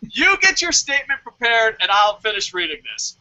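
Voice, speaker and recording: A man from New Jersey co-hosting a casual wrestling review show, excitable and profane, with mock-formal bits. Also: very high-pitched, moderate pace. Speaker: podcast co-host. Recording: dull lo-fi audio.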